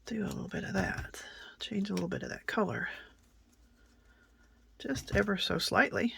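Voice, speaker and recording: Middle-aged woman, craft host; rambling, chatty delivery with some gravel in the voice, drifts to soft whispers. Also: mid-range voice, moderate pace. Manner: chatty, rambling, many fillers and restarts; drops to soft near-whisper while working. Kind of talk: casual crafting tutorial with stories.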